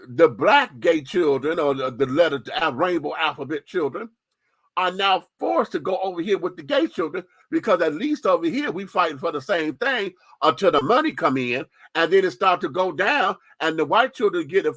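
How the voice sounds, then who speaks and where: Emphatic, sassy man with a lively voice. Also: sits high, normal speed, dry recording. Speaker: radio show host. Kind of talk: impassioned commentary.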